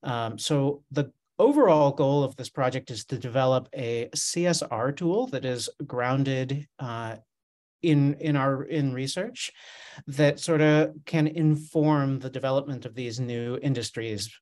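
A man's voice: mid-range voice, unhurried, darkish tone. A man who is an assistant teaching professor, presenting research in a webinar, earnest and explanatory with fillers.

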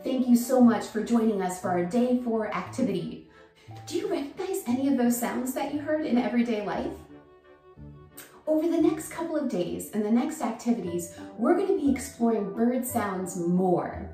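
Casting: upbeat woman kids' host, mellow tone, heard from far off in a very echoey room. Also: fairly high pitch, expressive, normal speed. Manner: upbeat, addresses kids directly. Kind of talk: children's show hosting. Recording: distant echoey room with faint music.

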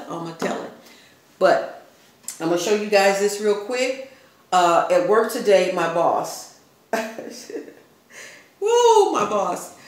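An older woman, telling a story and preaching to her channel's viewers in a lively, conversational way. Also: mid-range voice. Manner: animated, preachy, addresses viewers as y'all. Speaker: vlogger. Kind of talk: casual storytelling and faith talk. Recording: echoey room.

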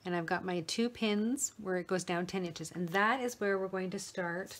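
A middle-aged woman explaining a sewing project step by step in a relaxed manner, talking while she works with her hands. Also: lowish voice, moderate pace, a little hiss or hum. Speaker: sewing tutor. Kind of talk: step-by-step craft tutorial.

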